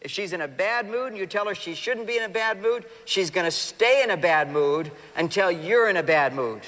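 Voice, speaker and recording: A man with a notably high voice gives an animated seminar talk to a live audience. He throws questions at the crowd and slips into little acted-out quotes. His words ring with a long hall reverb. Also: moderate pace, a little hiss or hum. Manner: animated, acts out quoted partners and addresses the audience directly. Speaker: relationship speaker.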